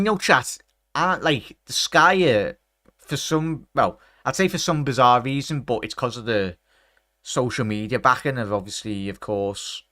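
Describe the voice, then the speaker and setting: A young man from England hosts a football watchalong, chatting loosely with his viewers and calling everyone mate. His voice sits at an ordinary middle pitch. The sound is close and dry, with no room around it. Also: bright, forceful tone, no room sound. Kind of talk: casual live-stream chat and match commentary.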